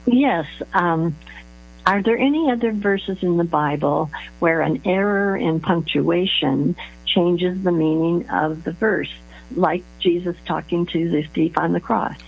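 A woman calling in to a radio show, asking a question a little haltingly. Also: fairly low pitch, vocal fry, husky. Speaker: radio caller. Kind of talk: call-in question. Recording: dull lo-fi phone line with hum.

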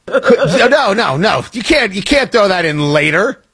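A man's voice: high-pitched, sing-song, unhurried, a bit bright, husky. A man hosting a morning radio talk show, joking wryly and interrupting himself as he riffs. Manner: wry, joking, self-interrupting. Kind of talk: casual morning radio chat. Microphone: studio microphone.

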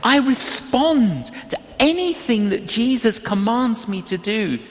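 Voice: mid-range voice, very animated, slow, slight background noise. An older preacher delivering a sermon in an emphatic, repetitive style and telling a personal story, heard in a reverberant hall.

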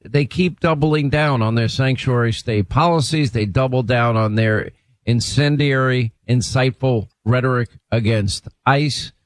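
An emphatic male radio host with a brisk delivery. His voice sits in a middle register. It sounds close and dry, with no room around it. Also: medium pitch, no room sound, poor audio. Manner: brisk, emphatic, reads quotes aloud. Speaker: radio talk show host. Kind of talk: radio talk show interview.

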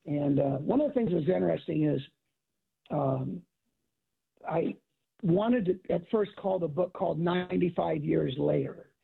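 Middle-aged male ex-coach, raspy and high-pitched, animated storyteller; phone-quality audio. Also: moderate pace. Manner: animated storyteller acting out quotes. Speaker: guest, author and former football coach. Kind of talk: casual storytelling conversation.

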